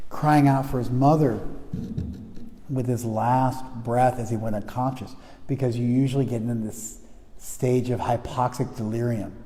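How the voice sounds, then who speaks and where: A man's voice: mid-range voice, dark tone. Man talking informally, in a reverberant room. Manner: conversational, frequent restarts, checks listeners with "you follow?". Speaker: spiritual teacher. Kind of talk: informal talk to a group.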